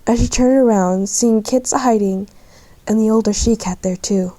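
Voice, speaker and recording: A woman narrating her own animal story in a plain, halting way. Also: on the high side, warm tone. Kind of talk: reading a homemade animal story.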